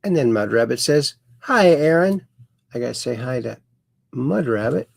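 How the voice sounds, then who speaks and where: Older male host, unhurried and gravelly, folksy chat-reading on a livestream, dry close mic. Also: medium pitch, animated, a little mellow, no room sound. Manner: slow, folksy, playful sing-song announcing of viewers. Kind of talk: casual livestream chat, reading chat messages aloud.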